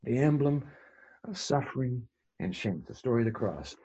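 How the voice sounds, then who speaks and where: Husky-voiced male pastor preaching. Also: medium pitch, sing-song, moderate pace, muffled recording. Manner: conversational preaching that swings between emphatic and hushed. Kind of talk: sermon.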